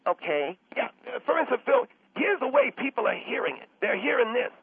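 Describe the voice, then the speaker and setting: A man doing a high, gravelly pastor who lectures and stammers his way through a call. His voice leaps wildly up and down and comes over a tinny phone line with faint hiss. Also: huge pitch swings, fairly quick, no room sound, heavily acted. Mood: lecturing. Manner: lecturing, stammering, mimics with squeals. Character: pushy preachy male pastor caller, middle-aged. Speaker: pastor calling in to a radio show.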